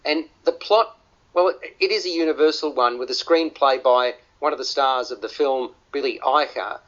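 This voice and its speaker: A man's voice: mid-range voice, normal speed, a bit bright. A man hosting a radio film review panel, often restarting and repeating words as he talks. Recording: dull lo-fi radio audio.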